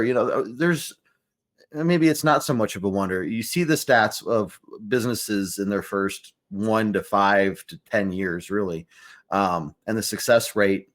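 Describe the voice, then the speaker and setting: A man's voice: on the low side, moderate pace. A man hosting a podcast, chatting casually with a laid-back manner. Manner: laid-back, many fillers, chuckles. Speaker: podcast host. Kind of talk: casual interview chat.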